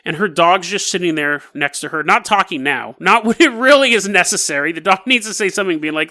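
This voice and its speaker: A podcast host telling an odd story in a loose, animated way and laughing between lines. His voice sits high for a man and leaps around in pitch. The tone is bright and forward. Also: brisk, hardly any pauses. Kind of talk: casual storytelling.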